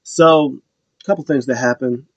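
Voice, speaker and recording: A man's voice: mid-range voice, normal speed, dry recording. A man giving a casual, rambling wrestling recap and acting out what people said. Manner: loose, rambling retelling that acts out quotes.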